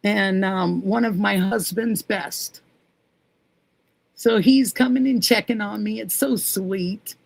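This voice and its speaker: Slow, gravelly-voiced woman livestream host. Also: medium pitch, no room sound. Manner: chatty, affectionate, talks to viewers by name. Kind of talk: casual livestream chat reading comments.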